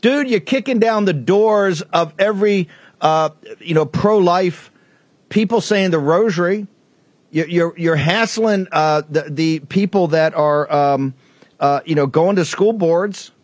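A man's voice: high voice, measured pace, dry recording. Fired-up male talk show host, dry mic. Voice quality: rambling, fired up, frequent restarts. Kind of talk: heated political talk show monologue.

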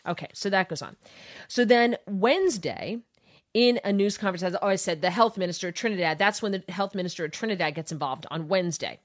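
A woman's voice: mid-range voice, fast. A woman hosting a talk radio show, giving sarcastic, opinionated political commentary.

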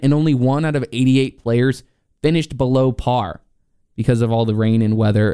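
A man's voice: mid-range voice, warm tone, smooth, dry recording, studio quality. A young man hosting a casual college sports show, running through golf results with fillers and asides. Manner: chatty, reads results with fillers.

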